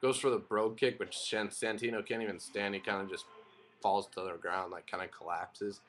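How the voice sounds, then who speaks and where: Rambling young man with a low voice. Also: fairly even intonation, brisk, a bit bright, slight background noise. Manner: rambling, opinionated, frequent fillers and restarts. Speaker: wrestling show reviewer. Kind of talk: casual spoken recap and review.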